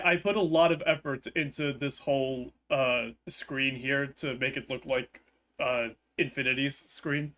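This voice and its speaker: Streamer, man, mid pitch, rambling casual chat at his desk mic. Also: a bit bright. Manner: chatty, hesitant with many ums and restarts.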